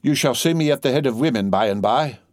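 A man's voice: mid-range voice, lively intonation, fast, dry recording, clean studio sound, voice pushed up, lightly acted. A man voicing a cold, resolute middle-aged revolutionary woman in a storybook reading, speaking in a steely, composed way.

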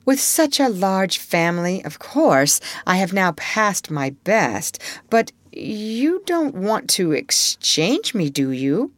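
Woman reading a prim little mother type girl, proper and formal, lively pitch, dry sound. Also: slow, hardly any pauses, no echo. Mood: prim, motherly.

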